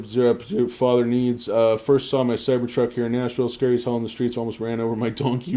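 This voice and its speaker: A man hosting a casual stock-market livestream, reading viewer comments aloud in a halting way with many fillers. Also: medium pitch, a little mellow. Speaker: livestream host.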